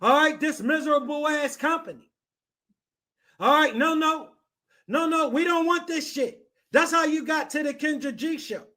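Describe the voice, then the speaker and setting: A man with a notably high-pitched voice delivers profane reaction commentary. He is blunt and mocking, and he hammers his points by repeating them. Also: normal speed, sharp tone. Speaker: reaction podcast host.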